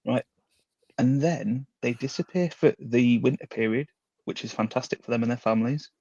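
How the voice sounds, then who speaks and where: A man's voice: medium pitch, normal speed, vocal fry, warm tone, dry recording. A man co-hosting a casual wrestling podcast, rambling through ideas with plenty of swearing. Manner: rambling, profane storytelling. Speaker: podcast co-host. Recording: dull dry lo-fi mic.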